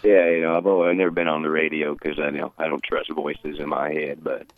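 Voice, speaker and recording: A laid-back male movie star, put on by a teenage man from Illinois, rambles along in a slow, philosophical drawl. His voice sits extremely deep, coming through a tinny, phone-like line. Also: level tone, no room sound. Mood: musing. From Illinois, USA. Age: teens. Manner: slow, musing, folksy rambling. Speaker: guest impressionist. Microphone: telephone call-in.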